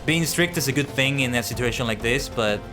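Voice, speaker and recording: A young male streamer with a mid-range voice talks fairly quickly while playing an online game. He chats casually with his viewers and comments on the gameplay as game music plays behind him.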